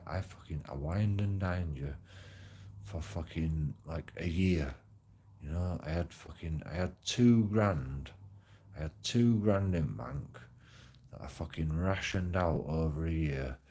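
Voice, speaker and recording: A man's voice: rumbling low, darkish tone, husky. A man telling a personal story in a rambling, heavily sworn casual monologue. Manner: heavy swearing, rambling with restarts.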